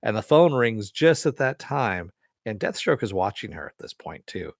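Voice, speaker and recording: A man's voice: on the low side, very animated, moderate pace, vocal fry, no echo, clean studio sound. A man casually retelling a TV episode in a rambling way, full of fillers. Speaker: TV show reviewer.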